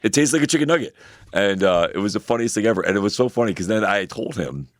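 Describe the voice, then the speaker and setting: Homme, co-animateur de podcast, voix grave, raconte avec entrain, jure en passant. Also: male voice, on the low side, fast talker, dry recording, clean studio sound. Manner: animated storyteller, acts out quotes in a raised voice; swears casually. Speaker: podcast co-host. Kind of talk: casual chat, storytelling.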